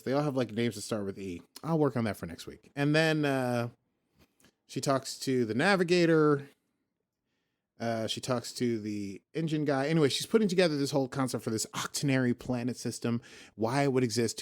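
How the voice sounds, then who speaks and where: A man's voice: mid-range voice, brisk. A man hosting a podcast in casual chat, rambling and jokey, often breaking off and restarting his sentences. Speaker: podcast host.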